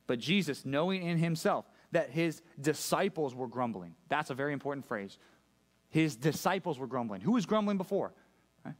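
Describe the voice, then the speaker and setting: A man's voice: a little high, lively intonation, fairly quick. A male pastor preaching a sermon to a church congregation, talking conversationally and often checking in with his listeners. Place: church service.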